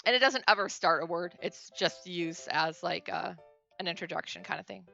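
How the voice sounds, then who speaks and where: Bright-voiced woman teaching on stream. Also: lowish voice, normal speed, creaky, lo-fi sound, soft background music. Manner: chatty, with frequent fillers and self-corrections. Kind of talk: casual livestream lesson.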